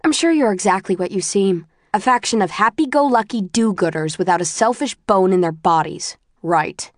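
A woman's voice: medium pitch, lively intonation, normal speed, dry recording, studio quality, close to an everyday voice. A woman voicing a hostile, bitter young woman who talks with sneering contempt, in an audiobook reading.

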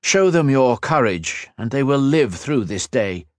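A man's voice: medium pitch, big pitch swings, normal speed, no echo, clean studio sound, pitched above the performer's own voice. A man voicing a stern, commanding young mage lord who gives clipped orders in a raised voice.

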